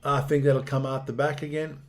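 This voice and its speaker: A man giving casual live rugby commentary, excitable and blunt, swearing at the referees. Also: mid-range voice, brisk. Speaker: watch-along rugby commentator.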